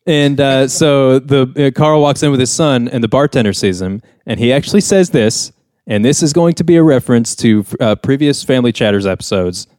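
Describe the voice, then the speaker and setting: A young man chatting on a podcast, retelling a sitcom episode in a loose, rambling way and jumping into the characters' lines. His voice sits at an ordinary mid pitch. The sound is dry and close. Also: a little fast, a little mellow, no echo. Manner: rambling storyteller, acts out characters' lines with raised voice. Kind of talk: casual chat.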